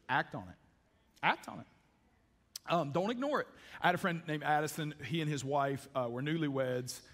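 A man's voice: on the high side, fairly bright tone. A man preaching a sermon as pastor, folksy and emphatic, with frequent restarts and dropped grammar. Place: church sanctuary. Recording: long reverb of a church hall.

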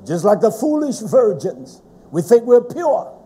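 A man preaching a dramatic sermon, repeating phrases and rising to shouts. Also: high-pitched, sing-song, unhurried, slightly rough.

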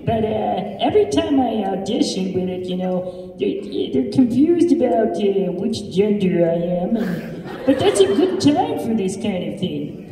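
A woman's voice: mid-range voice, big pitch swings, measured pace, dark tone. Chatty woman voice actor on a panel. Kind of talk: convention panel Q&A. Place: large convention hall. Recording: echoey convention hall from far off.

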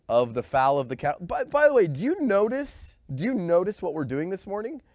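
A man's voice: sits high, big pitch swings, a little fast, hardly any pauses, darkish tone, dry recording, clean studio sound. Man preaching with a cold. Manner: conversational, quizzes the congregation. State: has a cold, short of breath. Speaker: pastor. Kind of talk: sermon with audience questions. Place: church sanctuary.

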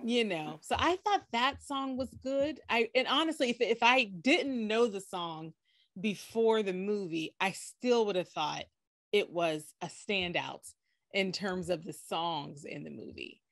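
A woman co-hosting a podcast in casual chat, speaking in a measured way with hesitant repeats. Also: mid-range voice, a bit bright, no room sound, clean studio sound. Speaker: podcast co-host.

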